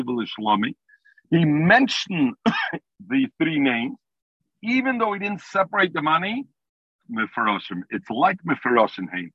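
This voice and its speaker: This man's voice runs high, with vocal fry and huskiness, in a dry recording. He's behind the wheel teaching a Talmud class by phone, the line tinny, mixing Hebrew and Aramaic terms into English.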